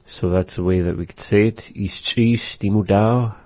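Deep, dark-voiced man teaching phrases. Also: steady tone, no echo. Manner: repeats phrases slowly, thinks aloud with fillers. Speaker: language teacher. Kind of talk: casual language lesson.

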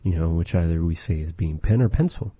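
Low, dark-voiced man teaching a language. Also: husky, no room sound. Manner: patient, repeats phrases slowly and jokes. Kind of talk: casual language lesson.

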